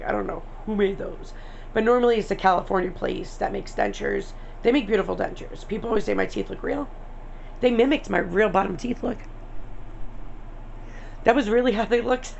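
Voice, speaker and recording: A woman's voice: mid-range voice, fairly quick, vocal fry, muffled recording, a little hiss or hum. A young woman from New York, a denture vlogger, talking to camera in a blunt, chatty, rambling way with asides and mild swearing. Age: young adult. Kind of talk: casual chat to camera.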